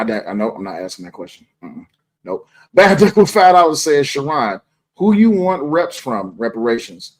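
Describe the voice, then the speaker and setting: A man hosting a casual livestream, reading super chats and answering them bluntly in a laid-back way. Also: on the high side. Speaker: host.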